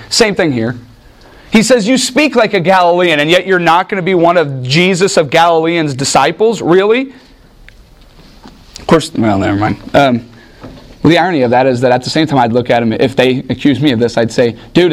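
A man preaching a Bible study in an animated, joking way, asking his listeners questions. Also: a little high. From United States. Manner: animated, jokey asides, asks the room questions. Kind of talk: teaching sermon with audience questions.

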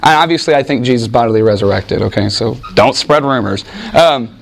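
A man teaching a Bible class in an animated, informal way, restarting sentences often and acting out what people say. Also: mid-range voice, a little fast, vocal fry. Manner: animated, with frequent restarts and acted-out quotes. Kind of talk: informal teaching talk with anecdotes.

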